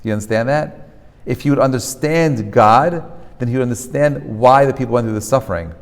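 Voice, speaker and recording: Male rabbi, mid pitch, animated teaching style that keeps asking "right?", long hall echo. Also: a little fast. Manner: animated, often checks in with "right?"; mixes Hebrew terms into English. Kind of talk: lecture to a live class. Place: lecture hall with a live audience.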